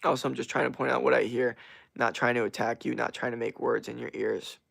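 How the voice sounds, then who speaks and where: A man's voice: mid-range voice, flat delivery, brisk, vocal fry, fairly bright tone. A young man chatting casually on a livestream, rambling with lots of fillers and slang as he answers chat comments. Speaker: streamer.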